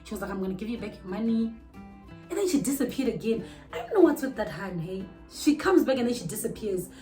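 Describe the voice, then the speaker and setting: A young South African woman telling a storytime vlog with animated, outraged bursts. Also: fairly high pitch, fast talker, faint music behind, low-quality recording. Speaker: vlogger.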